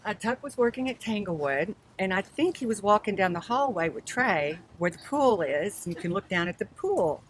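A woman's voice: medium pitch, animated, normal speed, hardly any pauses, a little hiss or hum. An older woman giving a chatty eulogy in a church, laughing as she shares stories. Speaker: family member giving a eulogy. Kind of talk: memorial speech.

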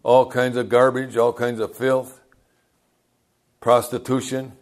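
A man's voice: mid-range voice, level tone, slow. An older man preaching a sermon as pastor, telling folksy stories and calling out to the congregation.

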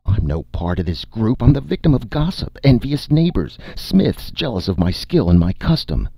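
Man playing a frantic lying young needlesmith, high shrill pleading, gravelly, dry booth sound. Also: very animated, normal speed, dark tone, no echo, exaggerated voice. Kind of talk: audiobook character voice. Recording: dull, dry audiobook recording.

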